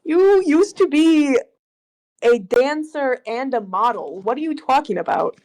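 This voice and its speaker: A woman chats casually with friends on a live stream, playful and teasing. Her voice sits somewhat high and she laughs easily. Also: expressive, unhurried, darkish tone, rough recording.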